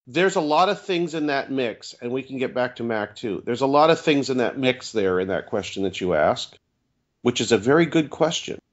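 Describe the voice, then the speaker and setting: A man's voice: mid-range voice, animated, normal speed. Reflective man rambling in casual chat. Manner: reflective, rambling, self-questioning. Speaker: podcast guest, author and radio host. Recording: dull lo-fi audio.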